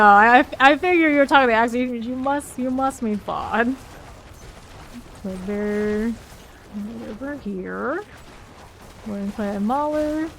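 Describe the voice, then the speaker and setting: This game streamer has a fairly high voice and keeps up easy banter with her audience, reading out chat and laughing frequently. There's a little hiss or hum in the audio.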